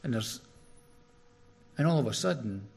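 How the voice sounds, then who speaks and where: Man, preacher, sermon, animated storytelling, husky, gravelly. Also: mid-range voice, unhurried. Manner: animated storytelling with sudden rises.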